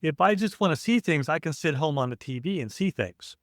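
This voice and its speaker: A man who is a podcast guest, telling relaxed, anecdotal stories in an interview conversation. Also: a little high, brisk, no room sound, clean studio sound. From United States.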